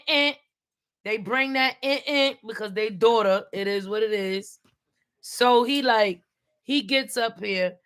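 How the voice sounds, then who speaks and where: A middle-aged woman tells a story in an animated, streetwise way, jumping between her own voice and voices for the people she quotes. She keeps cutting in with quick homework checks for a child beside her. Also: a little high. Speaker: parent, vlogger. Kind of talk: casual storytelling while helping with homework.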